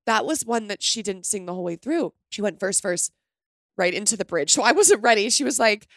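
A woman's voice: medium pitch, animated, brisk, dry recording, studio quality. A young woman co-hosting a casual podcast, talking in a gushing, rambling way and filling her speech with "like.". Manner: gushing, rambling, heavy use of "like". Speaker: podcast co-host.

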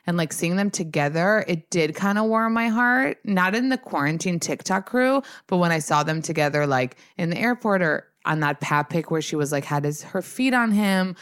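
This woman hosts a podcast in a relaxed, gossipy chat. Her voice sits low for a woman, and she peppers her talk with "like" and casual swearing. The sound is dry and close, with no room around it. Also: moderate pace, few pauses, clean tone, no echo. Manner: chatty and swears freely, heavy use of "like". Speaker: podcast host.

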